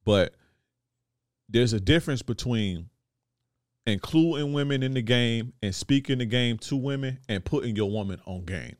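A man's voice: medium pitch, animated, normal speed, no room sound, studio quality. A man hosting a podcast, talking to listeners in a blunt, slangy, profane monologue and often asking if they follow. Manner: blunt, repeats "you see what I'm saying". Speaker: podcast host.

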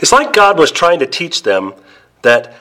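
A male pastor preaching a sermon, telling the story emphatically and slowing down, dropping soft to stress key words. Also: on the high side, huge pitch swings.

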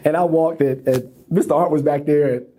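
A man's voice: fairly high pitch, steady tone, brisk, mellow, slight background noise. A man pastor preaching a sermon in a church, acting out inner dialogue with sudden whispers and laughs. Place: church sanctuary.

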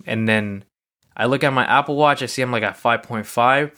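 A man with a smooth, clear voice at an ordinary middle pitch talks through a personal story on his own. He rambles casually and loosely and leans on everyday fillers. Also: moderate pace, pushed and bright. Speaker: podcast host. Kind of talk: casual solo recap monologue.

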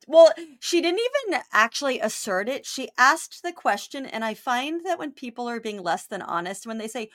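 Brief: higher-voiced woman podcaster, dry wit, casual recap. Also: animated, fairly quick, few pauses, fairly bright tone. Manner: wry, acts out quotes with lifted pitch. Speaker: podcast co-host.

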